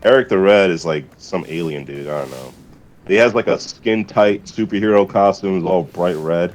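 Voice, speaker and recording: A man's voice: low voice, moderate pace, slight background noise. A man streamer from the US chatting casually and rambling, swearing freely and laughing often. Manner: rambling, profane, laughing often, many fillers. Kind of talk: casual chat.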